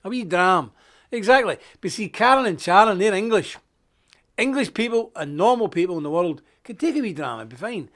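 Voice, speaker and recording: A man hosting a live stream, preaching casually in a jokey, animated way, with loud emphasis and quiet asides. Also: high voice, brisk.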